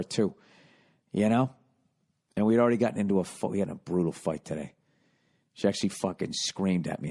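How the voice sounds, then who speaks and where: A man in his forties from the United States, hosting a podcast, telling comedic stories in a profane, animated rant. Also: sits low. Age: 40s. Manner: profane, animated, loud when retelling. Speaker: podcast host.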